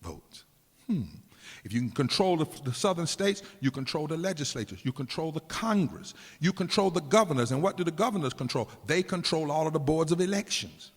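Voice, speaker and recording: A man's voice: expressive, husky. Preaching man in an echoing hall. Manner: emphatic preaching cadence, dropping low and slow for weight. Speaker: preacher and activist speaker. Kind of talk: preached political speech. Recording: long hall reverb.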